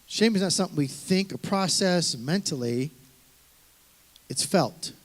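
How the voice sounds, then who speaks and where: A man's voice: a little high, lively intonation, unhurried. A middle-aged man, a pastor, giving an earnest, conversational sermon, often restarting his sentences.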